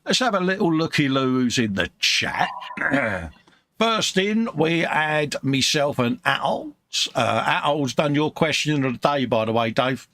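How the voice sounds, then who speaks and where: This British co-host of a live model-building stream has a fairly high, sharp-toned voice, expressive and a little slow. He reads the chat aloud in a friendly, matey way, addressing everyone as mate.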